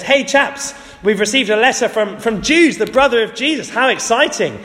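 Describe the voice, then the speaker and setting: A man gives a sermon from the front of a church, chatty and wry, acting out the quotes he reads. His voice sits a little high. Long reverb from the church hall trails behind each phrase. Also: fairly bright tone. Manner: conversational, lightly humorous, acts out quotes. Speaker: preacher.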